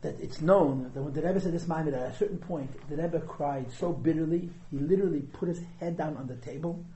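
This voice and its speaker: This man's teaching on a Chassidic discourse is conversational, sprinkled with Yiddish and Hebrew terms and rhetorical questions. He speaks briskly in a fairly high voice with a dark tone, and the recording is low-quality with a roomy sound.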